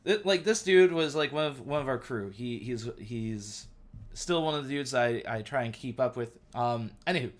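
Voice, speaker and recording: A man in his thirties hosting a casual live stream, rambling excitedly with lots of fillers. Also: mid-range voice, normal speed. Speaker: livestream host. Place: at home.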